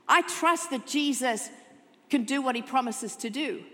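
A woman pastor delivers a sermon in a church sanctuary, her voice sitting a little high. She swings from loud, emphatic lines to hushed, tender ones. The sound carries a long hall reverb. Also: measured pace, slight background noise. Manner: expressive, shifts from loud emphasis to soft intimate tones.

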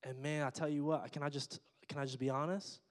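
Pastor preaching in a reverberant hall. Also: male voice, fairly high pitch, level tone, a little fast. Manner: conversational, joking asides to the congregation. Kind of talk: sermon. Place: church sanctuary.

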